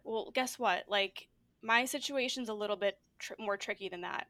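A woman's voice: mid-range voice, moderate pace, sharp tone, dry recording. A woman hosting a podcast interview, chatting casually and encouragingly with plenty of fillers. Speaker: podcast host.

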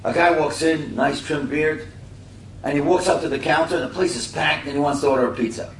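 A middle-aged man telling a heartfelt moral story, animated and acting out the voices. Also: on the high side, brisk. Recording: roomy and distant with faint hiss.

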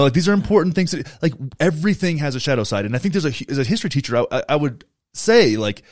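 A man's voice: mid-range voice, a little mellow, dry recording, studio quality. A young man in casual podcast chat, talking in an emphatic, heated way and swearing freely. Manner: profane, heated and emphatic, frequent restarts.

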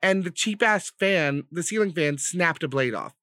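A young man co-hosting a podcast, telling a profane, animated story in casual chat. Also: a little high, normal speed, no echo, studio quality. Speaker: podcast co-host.

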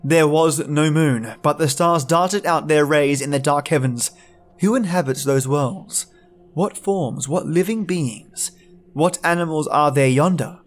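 Man reading a dark tale, fairly high. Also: unhurried. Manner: anguished, theatrical first-person reading. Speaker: podcast narrator. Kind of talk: dramatic storybook reading.

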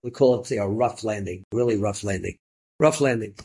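A man, a rabbi, telling inspirational stories in an animated way, with bursts of excited emphasis. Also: lowish voice, brisk, breathy edge. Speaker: rabbi and storyteller. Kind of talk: inspirational storytelling talk.

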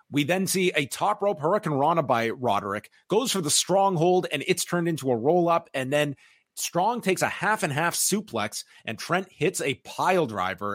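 A man's voice: mid-range voice, fairly bright tone, no echo. Matter-of-fact man recapping, dry mic. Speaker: wrestling podcast host. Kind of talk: match recap and discussion.

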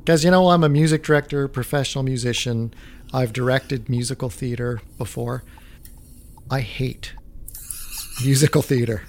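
A man from Canada, a music director, co-hosting a casual, relaxed chat about music history. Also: medium pitch, moderate pace, pauses often, slight background noise.

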